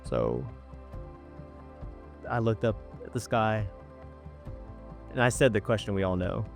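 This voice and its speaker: A man's voice: lowish voice, sing-song, slow pace, creaky, soft background music. A man giving a personal faith testimony, earnest and storytelling, acting out the voices of people he quotes. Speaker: testimony speaker.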